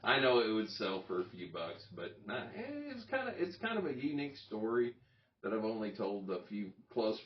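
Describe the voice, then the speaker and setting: A man with a lowish voice chats casually to his viewers, wandering off-track and chuckling as he goes. He sits back from the microphone in a room with a clear echo, and the sound is muffled and lo-fi. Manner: rambling, self-interrupting, chuckling. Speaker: YouTube channel host. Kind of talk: casual talking-head vlog. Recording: roomy, distant, dull lo-fi sound.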